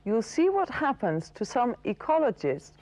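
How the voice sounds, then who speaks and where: A woman's voice: a little high, sing-song, normal speed, mellow, poor audio. A woman presenting a TV English course in a friendly, scripted teaching style.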